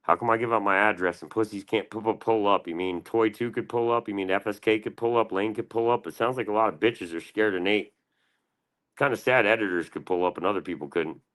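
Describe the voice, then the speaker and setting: A man's voice: fairly low pitch, fairly even intonation, a little fast, a bit bright. A man hosting a livestream, taunting and cursing at a rival in heated, profane banter. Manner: taunting, profane trash talk. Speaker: livestream host.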